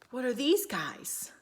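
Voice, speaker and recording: Teacher lady reading a storybook to little kids, slow and sing-songy, voice swooping way up and down, whispers here and there. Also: sits high, a little hiss or hum. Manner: animated, sing-song storytelling with whispers and gasps. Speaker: preschool teacher. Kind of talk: reading a picture book aloud to young children.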